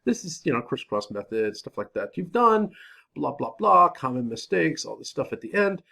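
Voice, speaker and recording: A man with a slightly higher voice walks students through a website in a loose, chatty way. He mutters to himself between clicks and jokes at his own expense. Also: sing-song, normal speed, vocal fry, bright, forceful tone. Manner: casual, self-deprecating, talks to himself while clicking. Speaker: chemistry teacher. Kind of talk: screen-recorded software walkthrough.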